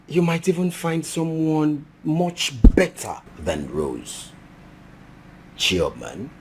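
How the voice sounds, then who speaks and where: A man's voice: low-pitched, a little mellow, a little hiss or hum, heavily acted, rough recording. A man, playing a friend who coaxes and reassures a heartbroken man in a film drama, repeating himself. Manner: coaxing, repeats himself, drawn-out "eh?". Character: supportive male friend, coaxing, upbeat. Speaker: consoling friend.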